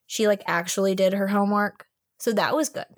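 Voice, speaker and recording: A woman co-hosting a podcast, reviewing an audiobook in casual, fast chat full of "like" fillers. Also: mid-range voice, fairly even intonation, no room sound, studio quality. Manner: chatty, fast, lots of "like" fillers.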